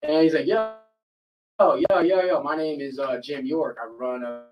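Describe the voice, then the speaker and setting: In a relaxed podcast chat, the host recounts a long tale with lots of swearing and animated impressions of the people he quotes. His mid-range voice moves at normal speed. The sound is dull, captured from a distance with him a bit off-mic.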